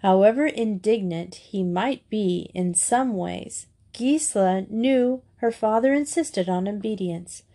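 A woman reading a children's novel aloud in a steady storybook narration. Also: medium pitch, slow pace, hardly any pauses. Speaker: audiobook reader.

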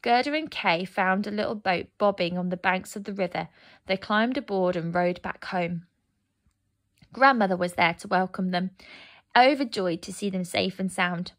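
A woman narrating a fairy tale aloud, gentle and expressive. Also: medium pitch, normal speed. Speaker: storyteller. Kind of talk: storybook narration.

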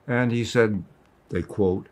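An older man, a war veteran, recounting events to an interviewer in a slow, measured way. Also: fairly low pitch, a little mellow. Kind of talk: interview recollection.

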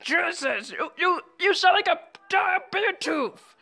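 A performer voicing an excitable pet dog in a home-made toy movie, gasping and shouting exclamations. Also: extremely high pitch, measured pace, exaggerated voice. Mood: exasperated.

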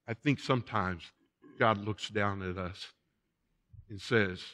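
A man's voice: lowish voice, takes it slowly, long pauses, sharp tone. A man pastor delivering a sermon in a church, emphatic and repeating phrases for stress. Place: church sanctuary.

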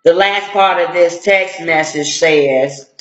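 Speaking slowly in a low-leaning voice, a middle-aged woman who is a civil rights activist gives impassioned, blunt video commentary. She's confrontational and uses street slang, and the lo-fi recording sounds dull and echoes off the room.

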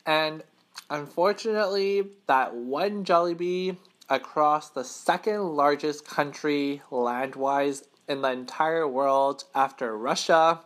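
A man's voice: on the high side, slow, fairly bright tone. A man from Western Canada, hosting a casual mukbang eating show from a hotel room and rambling, correcting himself and laughing between bites. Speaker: mukbang host. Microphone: camera mic.

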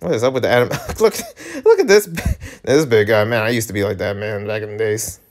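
A man reading a webtoon aloud with laughing asides and sudden high squeals. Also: expressive, brisk. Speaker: webtoon reader. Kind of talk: dramatized webtoon reading with commentary.

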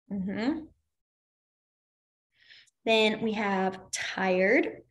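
A woman's voice: on the high side, a bit bright. A woman teaching a beginner sign language class in a chatty, demonstrative way, with lots of fillers. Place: library classroom.

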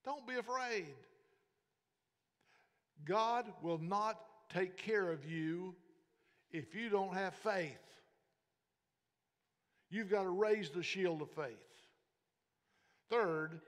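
A man's voice: sits high, slow, long pauses, long reverb tail. A man preaching a sermon as pastor, telling stories and reading scripture aloud. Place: church sanctuary.

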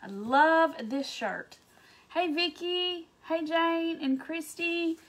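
A cheerful woman hosts a live craft stream. Her voice sits notably high, and her blocked sinuses give it a stuffy, congested sound. She chats in a bubbly, excitable way and greets her viewers by name. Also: slow pace. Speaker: craft livestream host. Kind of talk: casual livestream chat greeting viewers.

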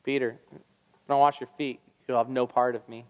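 A preacher voicing a gentle, sorrowful teacher. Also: male voice, mid-range voice, flat delivery, a little fast, highs cut off, lightly acted. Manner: gentle, soft, pained.

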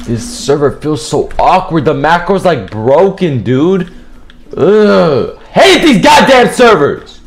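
A young man giving loud, profane gameplay commentary, trash-talking and often shouting. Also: fairly high pitch, sing-song, takes it slowly. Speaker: gamer streaming gameplay.

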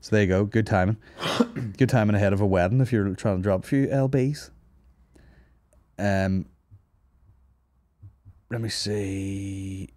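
A man's voice: lowish voice, measured pace, long pauses, darkish tone, dry recording. A man hosting a comedy podcast, rambling and swearing as he jokes crudely with his co-host.

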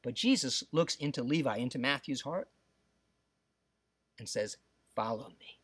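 A man preaching a sermon as pastor, acting out quotes with lively emphasis and dropping to soft, quiet stresses. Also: mid-range voice, a little slow, breathy edge, no echo, distant mic.

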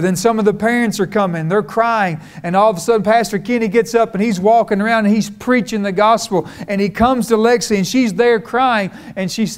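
Fervent high-voiced preacher man. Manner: storytelling, folksy, rising to fervent. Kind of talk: sermon.

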